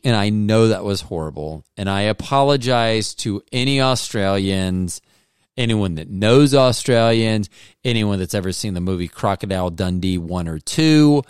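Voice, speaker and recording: A man's voice: fairly low pitch, expressive, normal speed, clean tone, no room sound, clean studio sound. A man hosting a podcast, telling a casual comedic story in a rambling way, often breaking off and restarting his sentences. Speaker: podcast host.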